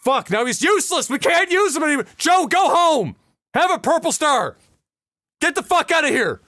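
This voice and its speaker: Man doing a yelling woman platoon leader. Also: extremely high pitch, sing-song, moderate pace, pitched above the performer's own voice, full character voice. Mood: dismissive. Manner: shouting, pleading.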